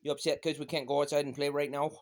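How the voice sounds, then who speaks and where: A man's voice: on the high side, flat delivery, very fast, a little mellow. A man indoors doing playful baby talk to his dog, teasing in a sing-song way and repeating each phrase. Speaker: pet owner filming his dog. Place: inside a house.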